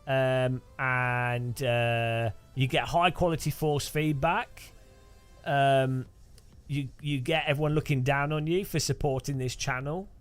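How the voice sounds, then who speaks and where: A man's voice: mid-range voice, steady tone, takes it slowly, clear, resonant tone, faint music behind. A man casually chatting on a live stream, rambling with dry joking asides.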